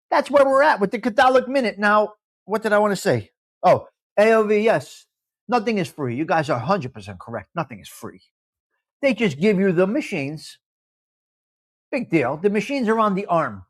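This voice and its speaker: A man hosting a casual live-stream chat with a New York accent. He is blunt and opinionated, repeats himself for emphasis, and drops in Italian phrases. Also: high-pitched. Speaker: live show host.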